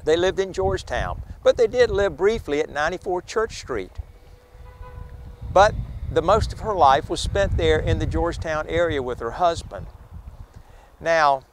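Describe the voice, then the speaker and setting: A man's voice: a little high, expressive, unhurried, a little hiss or hum. A man guiding a ghost tour outdoors, retelling a witness's story with dramatic flair and acting out the voices of the people in it.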